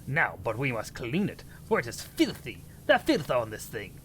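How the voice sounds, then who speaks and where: A man voicing a pompous mock-posh British gentleman in an exaggerated put-on British accent, with a theatrical, drawn-out delivery. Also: mid-range voice, wildly swooping pitch, a little hiss or hum, voice pushed down. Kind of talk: comic impression on a livestream.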